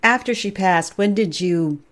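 A woman's voice: mid-range voice, a little slow, a bit bright. A woman hosting an interview, listening attentively with short affirmations and follow-up questions. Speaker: interview host. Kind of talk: casual interview.

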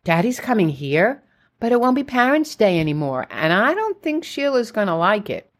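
A woman reads as an eager little girl in a storybook memoir, her lines pitched a little above the narration and lifted with excitement. She pleads and chatters quickly in a plain reading voice. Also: lightly acted.

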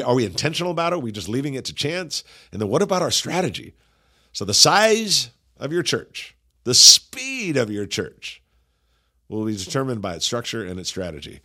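A man hosting a podcast and coaching pastors in an energetic, conversational way, often dropping in "man" as he talks. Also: fairly low pitch. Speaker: podcast host. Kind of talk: casual pastoral coaching talk.

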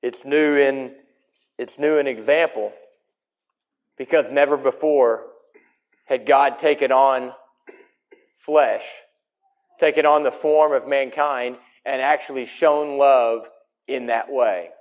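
A man preaching a sermon in an emphatic way, his voice swinging between loud and soft. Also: medium pitch, fairly even intonation, takes it slowly, long pauses.

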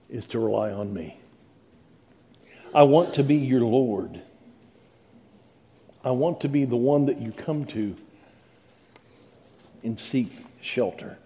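A man's voice: mid-range voice, warm tone. A middle-aged male pastor reading scripture dramatically and preaching with rising emphasis. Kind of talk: sermon.

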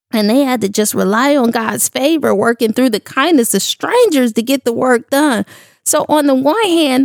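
A high-pitched woman talks straight to her listeners, candid and emotional, sharing faith in loose, slangy language. Her voice has a gravelly fry to it. The sound is dry and close, with almost no room echo. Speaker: faith vlogger speaking to her audience. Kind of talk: personal devotional talk. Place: studio.

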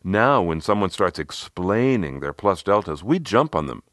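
A man voicing a brisk, no-nonsense woman who talks in short, clipped phrases. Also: deep voice, sing-song, a bit bright, dry recording, clean studio sound. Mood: matter-of-fact. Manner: terse, clipped.

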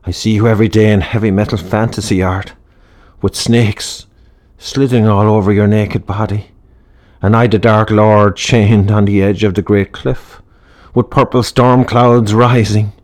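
A man's voice: on the low side, little pitch movement, a little slow, darkish tone, close to an everyday voice. A man voicing a reckless heavy-metal-loving postman, gushing and wild. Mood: rapturous.

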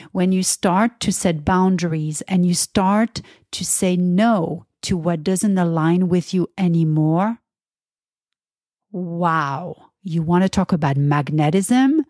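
A woman's voice: on the low side, warm tone, no room sound, clean studio sound. A woman hosting a spiritual self-help talk, earnest and soothing as she guides the listener. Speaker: podcast host.

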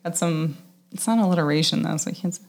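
Dry-witted woman, fairly low voice. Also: quick pace. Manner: dry, wry nitpicking remarks. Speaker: podcast co-host. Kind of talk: casual movie-watching commentary.

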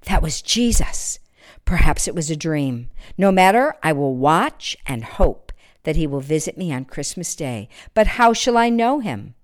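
A woman voicing a kindly, wistful old male shoemaker who sighs and exclaims gently. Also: sits low, very animated, unhurried. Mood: hopeful. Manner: fond, sighing, gently exclaiming.

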